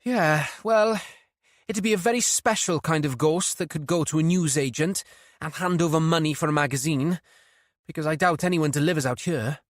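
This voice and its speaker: A man's voice: fairly high pitch, normal speed, no room sound, voice pushed up, lightly acted. Man voicing a sardonic woman detective. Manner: dry, teasing. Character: female detective sergeant, sharp and sardonic.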